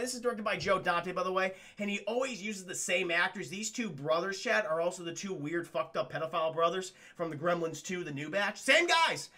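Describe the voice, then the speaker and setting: Profane, gravelly, bright-voiced male streamer. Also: high voice. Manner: profane, rambling, addresses chat. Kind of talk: casual spoiler film review on a livestream.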